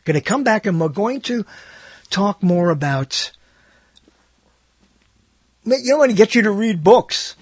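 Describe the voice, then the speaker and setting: Hosting his own show, an older man gives a loose, rambling solo talk that circles back on itself, sprinkled with wry remarks. He sounds a little high and husky, animated yet unhurried, and pauses often. The audio is close and dry, without any room sound.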